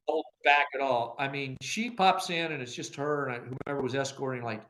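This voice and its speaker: An older man's mid-range voice moves fairly quickly as he, a former agency director, relates anecdotes in an interview. He acts out quoted conversations with gusto and laughs a lot.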